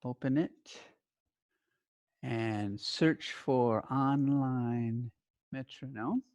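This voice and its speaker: A middle-aged man teaching a class over a video call, giving clear, deliberate instructions and stressing key words. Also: medium pitch, darkish tone, no echo.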